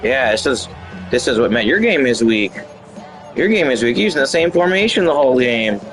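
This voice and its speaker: A man's voice: medium pitch, sing-song, normal speed, faint music behind, low-quality recording. A man trash-talking an online opponent during a live game, mocking and sarcastic, repeating his jabs over and over. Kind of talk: live gameplay chat. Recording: live stream with loud game crowd.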